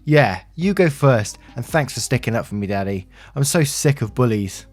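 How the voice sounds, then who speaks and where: A gentle, earnest nine-year-old girl, voiced by a male narrator with little change from his own voice. She speaks plainly and sincerely. Faint background music runs beneath. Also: medium pitch, animated, normal speed, natural voice.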